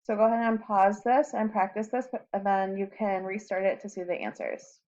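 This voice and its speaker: A woman teacher explains her notes at an even, deliberate pace, pausing on ums between points. Her voice sits at a middling pitch. The recording is slightly muffled and lo-fi, like a laptop mic. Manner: slow and deliberate, with frequent ums. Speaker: Spanish teacher. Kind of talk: recorded lesson walkthrough. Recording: slightly dull lo-fi audio.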